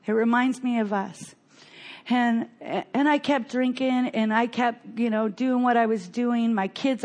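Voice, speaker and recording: Her voice slightly high and a little mellow, an older woman recounts how she recovered. The telling is sincere and hesitant, with frequent restarts mid-sentence.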